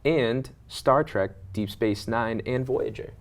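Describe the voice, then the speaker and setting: A man's voice: medium pitch, slow. A young man co-hosting a podcast, adding dry facts and short remarks about a film. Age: young adult. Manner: dry, trivia-minded, brief remarks. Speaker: podcast co-host. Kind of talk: casual film discussion chat.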